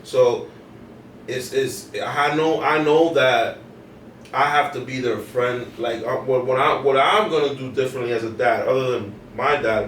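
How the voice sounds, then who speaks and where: A man's voice: mid-range voice, fairly bright tone, far from the mic. A young man talks loosely in street slang, stumbling and restarting as he goes. He sits back from the mic in an echoey room, with a little hiss underneath. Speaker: podcast co-host. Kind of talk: casual chat. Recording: roomy, off-mic, faint noise.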